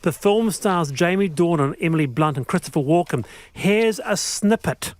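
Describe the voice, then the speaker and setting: A New Zealand man hosting live radio in a fairly high voice, stumbling over restarts as he hands to guests. The sound is dry and close, with faint music under. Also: expressive, moderate pace, dry recording. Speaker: radio host. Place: radio studio.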